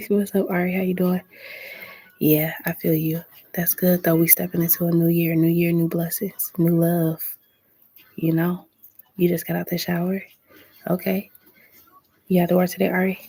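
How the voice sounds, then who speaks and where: A woman hosting a late-night live stream as a tarot reader, keeping her voice low and soft. Her pitch sits on the low side and barely moves, with a mellow, slightly husky tone. She chats in a relaxed, easygoing way, calling viewers by name. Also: moderate pace, pauses often, dry recording. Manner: laid-back, greets viewers by name.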